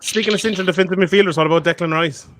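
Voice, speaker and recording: A man's voice: sits high, steady tone, fairly bright tone, no room sound, studio quality. A man from Ireland co-hosting a football podcast, chatting bluntly and swearing while watching a live match. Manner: blunt, swearing, quick banter. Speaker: podcast co-host.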